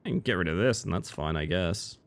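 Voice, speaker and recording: A man's voice: sits low, brisk, slight background noise. A man streaming a card game, chatting casually with his viewers and breaking into jokey, mock-dramatic outbursts. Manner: animated, talks to chat while playing, jokey mock-dramatic outbursts. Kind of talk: casual gameplay commentary.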